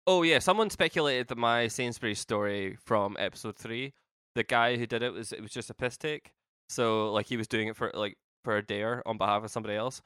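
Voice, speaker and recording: A man's voice: medium pitch, fairly quick, fairly bright tone, clean tone, no room sound. A young man co-hosting a podcast in casual chat, teasing his co-host with dry sarcasm.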